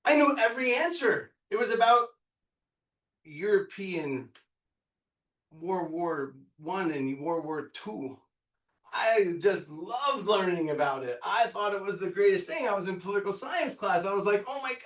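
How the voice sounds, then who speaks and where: A man in his fifties leading a live real estate training workshop, excitable and loud, quizzing the room and swearing freely. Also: high-pitched, measured pace. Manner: excitable, loud, bursts into yelling; quizzes the audience, punchy and profane. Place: meeting room with a live audience. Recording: echoey room, picked up from a distance.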